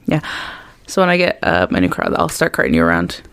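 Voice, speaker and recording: Woman, podcast co-host, quick gravelly delivery, laughing storyteller in casual chat. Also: extremely low pitch, very animated, fairly bright tone. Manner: fast, laughing, swearing storyteller.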